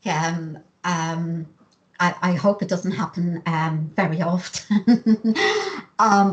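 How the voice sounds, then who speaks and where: A woman's voice: on the low side, highs cut off, slight background noise. A woman host on a video call, asking questions politely with many hesitations. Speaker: radio host. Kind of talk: interview questions.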